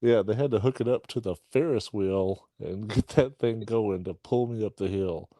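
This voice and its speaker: A man's voice: fairly low pitch, normal speed, mellow, no echo. A man co-hosting a podcast, telling rambling jokey stories and laughing often. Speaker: podcast co-host. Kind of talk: joking casual chat.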